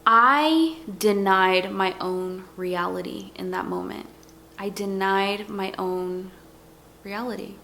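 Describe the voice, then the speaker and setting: A woman's voice: medium pitch, slow, creaky, pushed and bright. Earnest young woman telling her story. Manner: earnest, emphatic, repeats words for weight. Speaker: vlogger. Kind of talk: personal testimony vlog.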